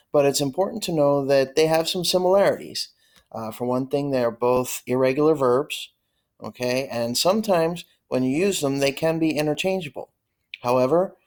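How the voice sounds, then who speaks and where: A man teaching an online English grammar lesson, explaining slowly and often checking in with "okay?" and "right?". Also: mid-range voice.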